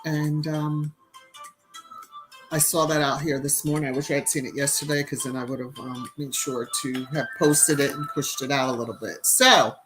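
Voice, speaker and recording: A woman hosting a casual live stream, chatting and greeting viewers by name between relaxed asides. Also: deep voice, normal speed, faint music behind.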